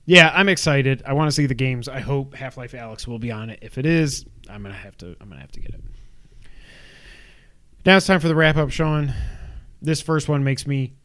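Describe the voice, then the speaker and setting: A man's voice: medium pitch, animated, sharp tone, no room sound. Young male podcast co-host, casual news rundown, dry booth sound. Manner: chatty, runs through news items with quick asides.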